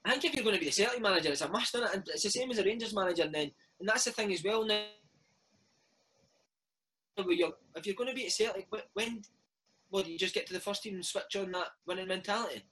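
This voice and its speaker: A Scottish man in his thirties, a former footballer telling animated stories in a casual interview chat, dropping "mate" into every other line. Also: high voice, fast talker, slight background noise, low-quality recording. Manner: animated storytelling, peppered with "mate". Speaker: former footballer and podcast host, interview guest.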